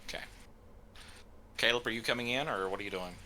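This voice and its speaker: A man's voice: medium pitch, fast, bright, forceful tone, a little hiss or hum, low-quality recording. A man narrating a tabletop game as game master, casually describing scenes.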